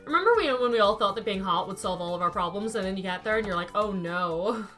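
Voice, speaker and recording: A woman's voice: medium pitch, rapid-fire, sharp tone, faint music behind. A young woman chatting casually to her live-stream viewers while playing a game, thinking aloud and answering chat by name.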